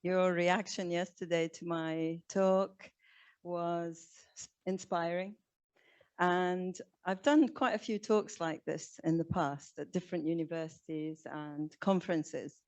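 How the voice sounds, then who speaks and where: A woman giving a workshop talk to an audience, speaking in a measured, reflective way with small hesitations. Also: on the low side, fairly even intonation, darkish tone. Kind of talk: conference talk. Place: lecture room before an audience. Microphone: recorded for camera from a podium.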